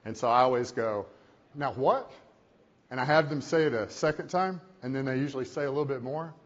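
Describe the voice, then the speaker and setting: Male CEO keynote speaker, conversational storyteller, mid pitch, roomy lo-fi hall sound. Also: quick pace. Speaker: company CEO and conference speaker. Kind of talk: keynote presentation. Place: conference hall. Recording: echoey hall, dull lo-fi sound.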